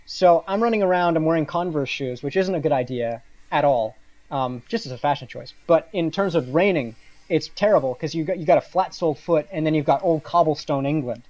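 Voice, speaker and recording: Podcast guest, man, fairly high voice, giggly self-deprecating storyteller. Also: brisk, darkish tone, no room sound, muffled recording. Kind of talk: casual chat, storytelling.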